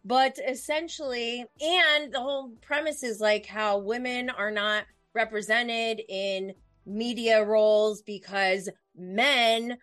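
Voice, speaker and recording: Young woman podcaster, unhurried casual delivery, gets emotional, dry booth sound. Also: a little high, no echo. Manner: excitable, emotional, rambling with fillers. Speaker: podcast host. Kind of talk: casual solo podcast chat. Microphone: podcast microphone.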